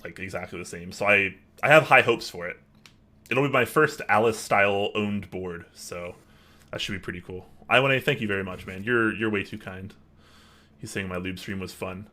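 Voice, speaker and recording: Guy cohosting online chat, lowish voice, bright, lots of likes and ums. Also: normal speed. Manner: rambling, filler-heavy. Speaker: podcast co-host. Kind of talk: casual chat, reading viewer questions.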